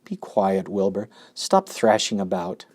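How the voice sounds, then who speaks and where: Soft, resigned female spider, low and quiet, read by a male narrator. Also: big pitch swings, measured pace, exaggerated voice. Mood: firm. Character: calm, dying female spider, quiet and firm.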